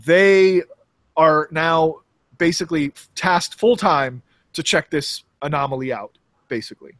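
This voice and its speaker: Male podcast co-host, slightly higher voice, halting and rambling delivery, dry close mic. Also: fairly bright tone, no room sound. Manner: rambling, halting with many restarts. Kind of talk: casual chat.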